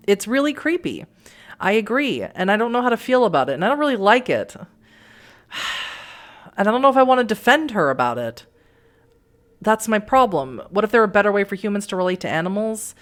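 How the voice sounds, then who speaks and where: In a medium-pitched, sing-song voice that runs a little fast, a middle-aged Boston-area streamer with a faint local accent plays a narrative game, reading aloud and chatting with viewers. Her talk rambles, full of restarts and laughter.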